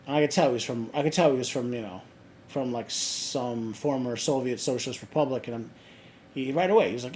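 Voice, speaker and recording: A man telling a story casually to his viewers, halting with many restarts and fillers. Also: mid-range voice, darkish tone, slight background noise. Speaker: vlogger.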